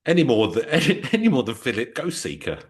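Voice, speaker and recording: A man's voice: mid-range voice, huge pitch swings, quick pace, slightly rough. A man co-hosting a comedy podcast, riffing jokes in a rambling, hesitant way. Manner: rambling, hesitant, joking riffs. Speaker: podcast co-host. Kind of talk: casual comic banter.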